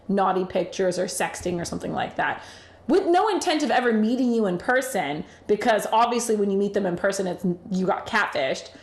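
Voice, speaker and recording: A young woman telling a story casually to the camera, animated and chatty, swearing freely and laughing often. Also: medium pitch. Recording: echoey room.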